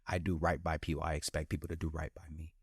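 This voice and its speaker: A man talks straight to his listeners in a casual motivational monologue, loose and slangy, circling back over his phrases to drive them home. His voice sits very low. The sound is close and dry, with no room around it. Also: fast talker, husky, no room sound. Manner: candid and animated, slangy, repeats phrases for emphasis. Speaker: podcast host.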